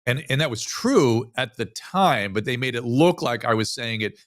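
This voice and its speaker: A physician from the United States speaking as an interview guest, telling a story animatedly with frequent restarts. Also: male voice, medium pitch, lively intonation, normal speed, a bit bright, no echo, studio quality. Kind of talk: casual interview conversation.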